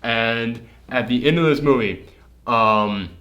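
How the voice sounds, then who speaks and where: A man hosting a casual movie reaction chat, animated, laughing and acting out scenes. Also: mid-range voice, slow pace, lo-fi sound. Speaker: host.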